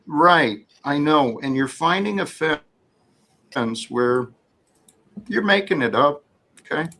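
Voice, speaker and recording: Insistent man with a slightly high voice. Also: slow, rough recording. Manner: insistent, repeats calls to calm down. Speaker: host. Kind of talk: heated panel argument.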